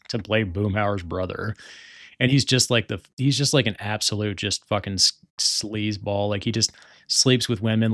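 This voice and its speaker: A man's voice: lowish voice, fairly bright tone, dry recording, clean studio sound. A young man hosting a solo podcast, chatting casually and rambling with lots of filler words. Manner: rambling, many filler words, frequent laughter. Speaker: podcast host.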